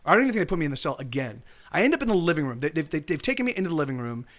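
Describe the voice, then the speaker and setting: Guy on a stream rambling through a crazy story, fast and high-pitched. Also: big pitch swings, fairly bright tone. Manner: rambling, restarts often, swears. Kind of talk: casual storytelling. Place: home streaming setup.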